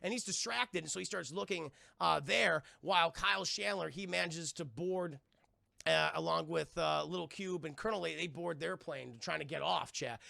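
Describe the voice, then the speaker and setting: A man giving an excitable, profane live-stream film review, talking straight to his chat and acting out scenes. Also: on the high side, moderate pace, vocal fry, dry recording.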